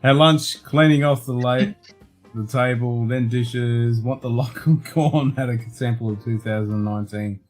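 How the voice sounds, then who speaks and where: A man's voice: medium pitch, fairly even intonation, unhurried, a little mellow, soft background music. Sweary laid-back Australian man. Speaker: whisky tasting host. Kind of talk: casual chat.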